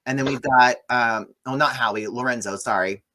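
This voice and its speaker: Bright-voiced sarcastic man recapping a film. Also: mid-range voice, moderate pace. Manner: sarcastic, animated storytelling with swearing. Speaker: podcast host reviewing a movie. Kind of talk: casual chat.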